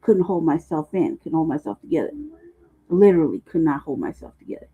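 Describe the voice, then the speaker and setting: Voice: medium pitch, big pitch swings, a little fast, breathy edge. A livestream host in casual, rambling talk, profane and loose with slang, often laughing. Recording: muffled phone-like livestream audio.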